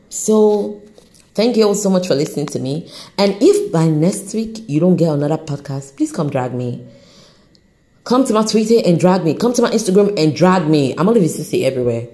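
A woman hosting her own podcast, giving an unscripted motivational talk straight to the listener, encouraging and animated, with an accent that shifts as she talks. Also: deep voice. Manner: accent shifts while talking. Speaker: podcast host.

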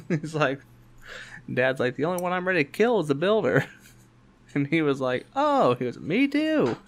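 A young man hosting a podcast, telling a work story in a quick, animated way and acting out other people's lines. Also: a little high. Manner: quick, animated anecdote-telling with voiced quotes. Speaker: podcast host. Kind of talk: casual storytelling chat.

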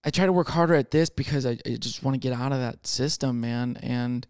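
Rambling young comedian, dry close sound. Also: male voice, mid-range voice, a little fast, smooth, dry recording. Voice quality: profane, animated, restarting. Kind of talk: rambling comic monologue.

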